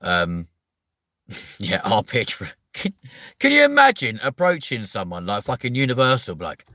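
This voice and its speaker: A man's voice: lowish voice, huge pitch swings, unhurried, pushed and bright, no echo. A man hosting a comedy chat show, rambling and crude, with constant swearing. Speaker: host.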